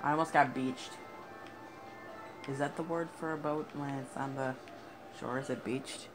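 A man's voice: mid-range voice, fairly even intonation, unhurried, music in the background. A man playing through a video game and commenting, often frustrated and swearing at it. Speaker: gamer. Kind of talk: let's play commentary. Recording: noisy game audio with sirens. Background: police sirens and game sounds.

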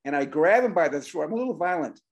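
An older man, a drummer, telling an animated story on a talk show and acting out the voices of the people in it. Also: a little high, quick pace. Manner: animated, acts out voices and shouts in his stories. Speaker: guest drummer.

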